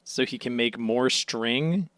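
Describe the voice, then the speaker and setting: A man with a middle-pitched voice riffs with enthusiasm in a casual podcast chat. He spins silly jokes and laughs often. The sound is dry and close to the mic. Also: slow, a bit bright, dry recording. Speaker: podcast co-host.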